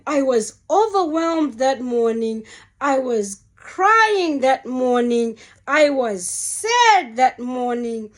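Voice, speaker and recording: A middle-aged woman giving an emotional, earnest Christian testimony in a sermon-like way, often repeating her words. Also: high voice.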